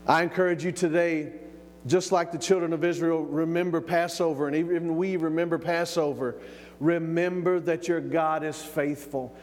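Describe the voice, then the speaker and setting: A preacher with a fairly high voice, delivering a sermon emphatically and stretching out key words. His voice rolls through the long reverb of a large hall. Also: steady tone. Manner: emphatic, drawn-out pauses, calls of amen.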